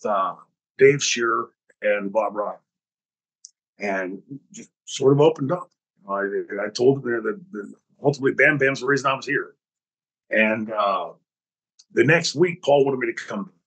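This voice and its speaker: Husky man telling backstage stories. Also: mid-range voice, poor audio. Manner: animated storytelling with profanity and reenacted dialogue. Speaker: podcast host. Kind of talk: storytelling podcast talk.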